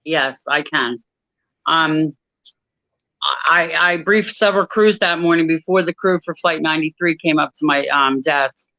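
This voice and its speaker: A woman guest in an interview, telling a personal story in a measured, reflective way with frequent pauses. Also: deep voice, pushed and bright, no echo, muffled recording. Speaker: author and guest.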